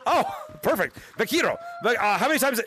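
A man streaming a VR game and greeting fans, energetic and laughing a lot, talking into a headset mic. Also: extremely high pitch. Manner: energetic, laughing often, quick restarts. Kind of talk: excited live gaming chat.

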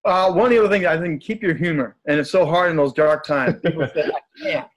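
A man's voice: a little high, a little fast. A man who is a guest speaker, telling stories in a casual, upbeat and joking way. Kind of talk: casual storytelling in conversation.

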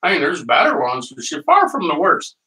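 In his home kitchen, a middle-aged man hosts a cooking show, his slightly high voice swooping wildly in pitch, a little fast, pushed and bright. He chats casually while cooking, rambling through stories and laughing often. His voice sounds distant on the recording.

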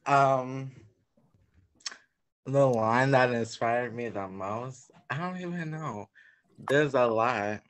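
Hesitant teen boy, slow speech. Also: mid-range voice. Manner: hesitant, many fillers. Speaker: student actor. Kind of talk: hesitant meeting reply.

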